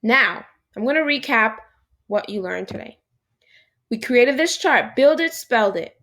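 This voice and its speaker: A woman teaching a recorded phonics lesson to young children, animated and encouraging, speaking to an unseen class. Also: on the high side, unhurried.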